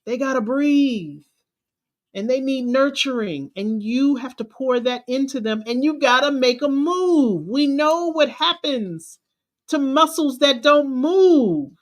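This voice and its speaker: A woman's voice: high-pitched, lively intonation. A woman confidence coach, giving an emphatic, preachy motivational talk. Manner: preachy, emphatic, drawn-out phrasing.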